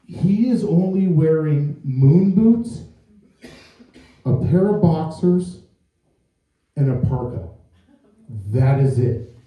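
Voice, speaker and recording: Self-mocking stand-up comic, dark echoey sound. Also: male voice, on the high side, animated, slow, long pauses. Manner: rambling, self-mocking storytelling. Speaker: stand-up comedian. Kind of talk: stand-up comedy set. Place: comedy venue before a live audience. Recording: echoey club from far off.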